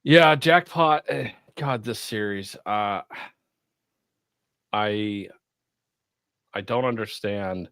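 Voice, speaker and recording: A man hosting a casual podcast chat, mocking and profane, animated as he goes. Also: on the low side, drawn-out words, pauses often, smooth, no echo, clean studio sound. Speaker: podcast host.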